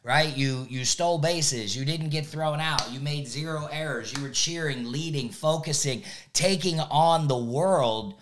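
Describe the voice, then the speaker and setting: A man who coaches youth sports, giving an energetic motivational talk and checking in with "right?" again and again. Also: a little high, a little slow, hardly any pauses. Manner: energetic, repeats "right?" often.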